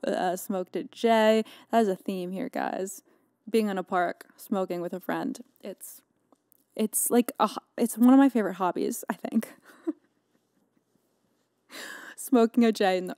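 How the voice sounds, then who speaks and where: A woman's voice: mid-range voice, darkish tone, clean tone, no room sound, clean studio sound. A young woman hosting her podcast, recapping a story in casual, dramatic chat, full of "like" and laughter. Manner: chatty, dramatic, filler-heavy with frequent "like". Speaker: podcast host.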